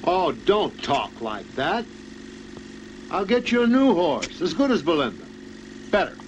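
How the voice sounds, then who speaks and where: A man's voice: lowish voice, lively intonation, measured pace, highs cut off, background noise. An actor playing an older, blunt and doting Texas oilman father, folksy and scornful. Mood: doting, stubborn. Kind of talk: TV film drama acting.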